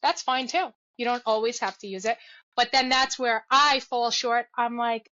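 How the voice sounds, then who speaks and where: A woman's voice: on the high side, normal speed, bright, forceful tone, no echo, dull audio. A woman, a mother, talking earnestly and reflectively as a guest in a casual podcast interview.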